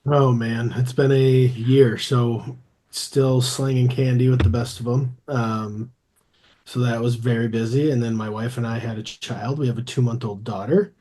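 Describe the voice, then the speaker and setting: Tired, husky-voiced man chatting on a podcast. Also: mid-range voice, moderate pace. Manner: dry, deadpan jokes. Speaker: podcast co-host. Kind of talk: casual podcast chat.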